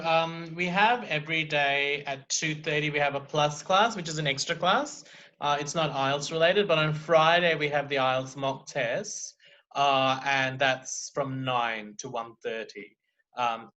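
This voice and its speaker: Bright-voiced teacher. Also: male voice, a little high, unhurried. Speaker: IELTS teacher. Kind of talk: casual webinar talk.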